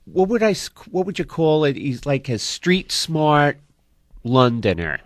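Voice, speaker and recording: A man's voice: a little high, very animated, unhurried, no room sound, clean studio sound. A man co-hosting a movie talk show, thinking aloud and searching for words as he goes. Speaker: co-host.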